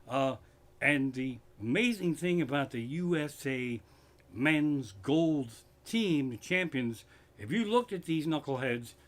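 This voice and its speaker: Male comedian, Pennsylvania accent, cursing rant, animated pitch, living room live stream. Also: slow. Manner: profane, worked-up ranting. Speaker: stand-up comedian. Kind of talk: live-streamed stand-up from home.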